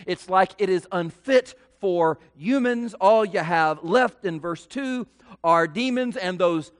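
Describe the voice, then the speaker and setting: A man preaching a sermon as pastor, slow and emphatic with dramatic pauses. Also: sits high.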